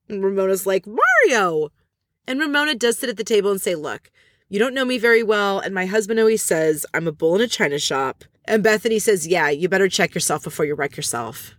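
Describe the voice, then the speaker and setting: A woman's voice: medium pitch, no room sound, studio quality. A woman casually recapping a reality TV episode, chatty and opinionated as she retells the scenes. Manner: chatty, gossipy, opinionated storytelling.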